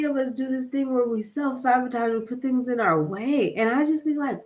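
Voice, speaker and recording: A woman's voice: sits high, moderate pace, a little mellow. Rambling young woman on a livestream. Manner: rambling, many fillers, slangy. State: tired from a workout. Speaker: livestream host. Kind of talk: casual spiritual livestream chat.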